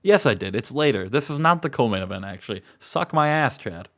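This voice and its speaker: A man's voice: medium pitch, animated, a little fast, a bit bright. A young man hosting, casually recapping a wrestling booking game in a rambling, profane way. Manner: rambling, profane, retells storylines. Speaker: host.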